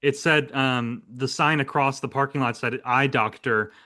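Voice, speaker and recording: A man's voice: mid-range voice, steady tone, moderate pace, pushed and bright. A man hosting a casual podcast chat, rambling and restarting his phrases as he talks. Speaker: series co-creator and podcast host.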